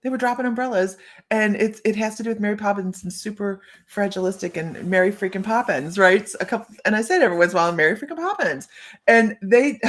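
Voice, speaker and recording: A woman hosting a psychic live stream, telling stories in a bubbly, rambling way and laughing often. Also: medium pitch. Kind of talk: casual live-stream chat.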